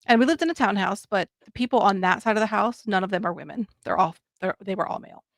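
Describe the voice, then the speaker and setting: A woman in her thirties rambles through a personal story on a podcast. She leans on ums and acts out the lines of others as she goes. Her voice is gravelly and sounds dry and close to the mic. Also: medium pitch, fast, dry recording. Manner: rambling, many ums and quoted dialogue. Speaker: podcast guest. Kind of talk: casual storytelling.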